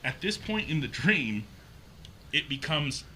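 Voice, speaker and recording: A man guest on a podcast, telling a personal story in a casual, animated way, acting out the voices he quotes and using plenty of fillers. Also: a little high, a little slow, slight background noise. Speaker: podcast guest, haunted maze builder.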